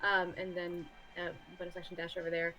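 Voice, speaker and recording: Hesitant, bright-voiced woman player. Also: lowish voice, monotone, brisk. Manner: hesitant, many restarts and fillers. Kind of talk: playing a tabletop game.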